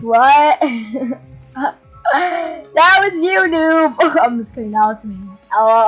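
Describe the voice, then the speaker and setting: Giggly high-voiced woman gamer. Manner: giggly and playful, breaking into loud squeals. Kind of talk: casual gameplay commentary. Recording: dull lo-fi audio with faint game music.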